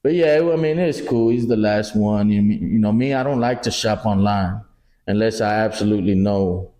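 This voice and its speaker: A middle-aged Texan man chatting on a podcast with a mellow, darkish voice. He tells stories with animated energy, acts out what people said and swears freely. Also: lowish voice, normal speed. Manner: animated storyteller, acts out quotes, swears a lot. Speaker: podcast co-host. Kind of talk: casual chat.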